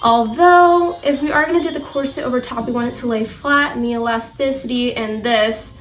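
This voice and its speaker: Bright, high-voiced young woman vlogger. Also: moderate pace. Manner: upbeat, breezy explaining. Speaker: costume sewing vlogger. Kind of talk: on-camera tutorial talk.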